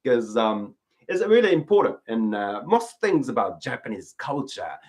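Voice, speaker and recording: A man teaching rakugo in an informal lesson, unhurried and full of fillers. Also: mid-range voice, sing-song.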